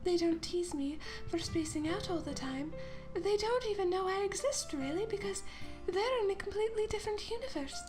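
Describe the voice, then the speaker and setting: A woman voicing a shy, bookish teenage girl from a visual novel, reading her lines softly and dreamily over game music. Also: extremely high pitch, expressive, moderate pace, hardly any pauses, pitched above the performer's own voice. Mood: shy, wistful. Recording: game music playing behind.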